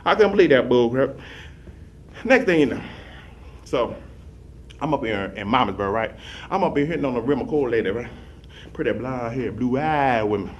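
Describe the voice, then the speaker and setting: A man telling rambling comic stories in a rapid, run-on, repetitive way, animatedly acting out the scenes. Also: mid-range voice, expressive, lo-fi sound, slight background noise. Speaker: comic storyteller.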